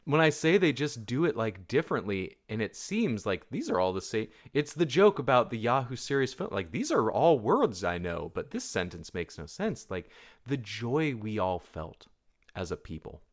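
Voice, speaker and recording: A man co-hosting a casual movie podcast, joking and riffing in an animated way. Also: mid-range voice, normal speed. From United States. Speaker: podcast co-host.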